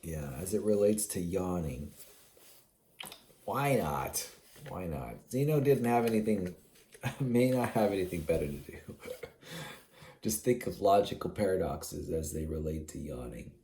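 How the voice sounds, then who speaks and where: A man's voice: deep voice, animated, normal speed, dark tone, a little hiss or hum. A man rambling in a solo vlog monologue, musing aloud with many fillers and restarts, chuckling now and then, sleepy and yawning. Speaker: vlogger.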